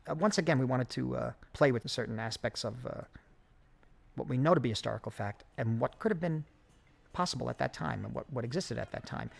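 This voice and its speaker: A man, a film director, speaking in a reflective audio commentary, with frequent pauses, fillers and restarts. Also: mid-range voice, vocal fry.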